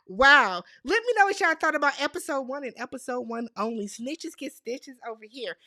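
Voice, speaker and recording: A woman hosting a casual reality TV recap, talking in an animated, sassy way with lots of emphatic repetition. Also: high-pitched, normal speed, few pauses, dry recording, clean studio sound.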